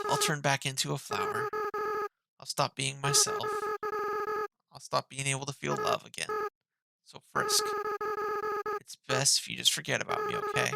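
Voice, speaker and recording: A woman voicing a young goat monster boy from a game, tearful and remorseful, reading the dialogue softly and with feeling. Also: deep voice, gravelly, heavy background noise, full character voice. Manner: soft, emotional reading of on-screen dialogue. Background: loud game music.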